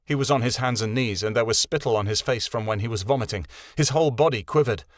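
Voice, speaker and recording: A man narrates a fantasy audiobook in a measured, dramatic way. His voice sits mid-pitch and the recording is dry and close. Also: no room sound.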